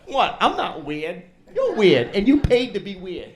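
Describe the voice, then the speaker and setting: A man's voice: sits high, wildly swooping pitch, unhurried, few pauses. A man doing a profane stand-up set, teasing the crowd in a comedy club. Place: comedy club before a live audience.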